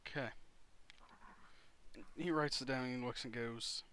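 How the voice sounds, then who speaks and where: A man narrating as game master of a tabletop game, slow and halting with many fillers. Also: medium pitch, fairly even intonation, pushed and bright, clean tone.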